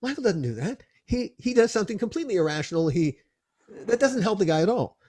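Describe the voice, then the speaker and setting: Animated man telling a film-set story. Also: high voice, fast talker, breathy edge, dry recording, studio quality. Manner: lively, expressive, restarts and repeats phrases. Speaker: film producer guest.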